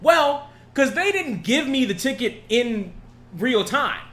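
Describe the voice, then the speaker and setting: A man tells a laid-back story on a casual podcast, laughing and swearing along the way. His voice is high and very lively. The room around him is echoey. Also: takes it slowly, a little hiss or hum. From California. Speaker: podcast co-host. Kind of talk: casual chat.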